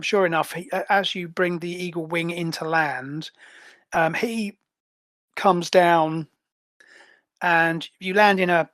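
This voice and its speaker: A man's voice: a little high, a bit bright, dry recording. A man narrating a superhero tabletop game as game master, with many hesitant fillers.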